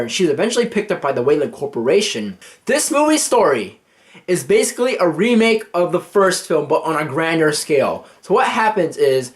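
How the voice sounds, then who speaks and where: Casual, profane male movie reviewer. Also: on the high side. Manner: casual and profane, acting out scenes.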